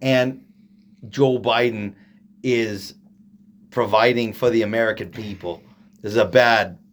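A man's voice: on the low side, fairly even intonation, unhurried. A man from Oregon co-hosting a podcast in casual chat, rambling and joking, often trailing off mid-sentence. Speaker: podcast co-host.

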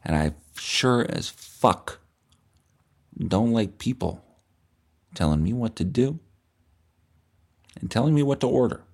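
Gravelly man telling comic stories. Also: mid-range voice, slow, long pauses. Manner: crude, deadpan, rambling. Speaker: comedy podcast host. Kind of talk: comic storytelling monologue.

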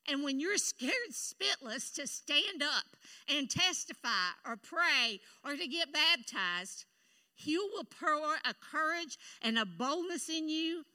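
A woman delivers a sermon in a church. Her voice sits high and rings very bright. She preaches with emphatic, animated energy and drops quick asides to the congregation. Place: church sanctuary.

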